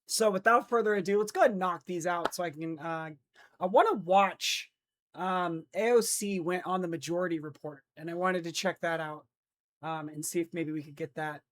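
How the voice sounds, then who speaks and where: A drowsy livestream host who sounds like they just woke up, mixing casual chat with viewers and news read-outs. They stumble and restart sentences when they slip. The voice sits at an average pitch and comes through a noise-cancelled streaming mic. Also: normal speed. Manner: groggy, restarts lines after slips. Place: indoor streaming setup in Los Angeles.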